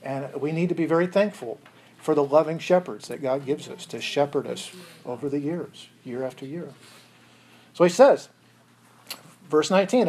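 A man's voice: fairly high pitch, moderate pace, darkish tone, husky. A man preaching a sermon as pastor, earnest and chuckling, with frequent restarts.

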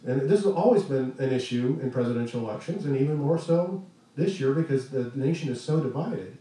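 Male pastor, mellow voice, earnest conversational sermon, recorded from afar in a roomy hall. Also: medium pitch, lively intonation. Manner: earnest, conversational preaching with pauses and restarts. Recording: echoey room, distant mic, faint noise.

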